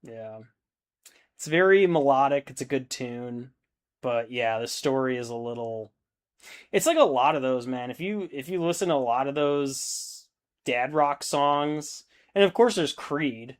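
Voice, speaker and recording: A man's voice: mid-range voice, expressive, measured pace. A man in his thirties hosting a hobby stream, chatting casually and reading out viewer comments, rambling and swearing freely. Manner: laid-back, rambling, swears a lot.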